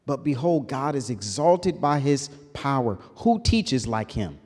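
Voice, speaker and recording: A man preaching a sermon in an animated call-and-response style. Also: medium pitch, a little slow. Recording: reverberant hall.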